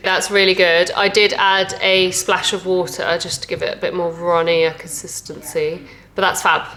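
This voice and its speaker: A woman's voice: fairly low pitch, level tone, moderate pace, sharp tone, soft background music. A woman in her thirties, a mum chatting casually with many "like"s and giggles while cooking family dinner at home. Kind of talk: casual cooking vlog chat. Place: home kitchen. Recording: echoey kitchen with background noise.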